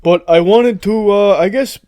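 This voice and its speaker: A rambling old politician in a comedy podcast sketch, stalling on every "uh" and puffing up his vague achievements, with a man putting him on. The voice lifts a little higher and louder than a plain talking voice. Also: clean tone, dry recording. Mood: bumbling. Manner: halting, full of "uh", vague boasting. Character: impression of an elderly male US politician, bumbling. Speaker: podcast co-host.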